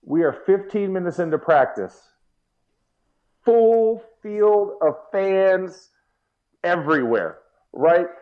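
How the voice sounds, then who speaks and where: Man, casual storytelling, former football player, acts out his reactions, slightly high voice, muffled lo-fi audio. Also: lively intonation, takes it slowly, long pauses.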